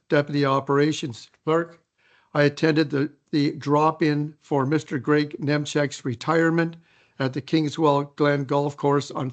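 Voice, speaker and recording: A man chairing a council meeting in a council chamber, reading his report and calling motions in a measured, procedural way. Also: fairly high pitch.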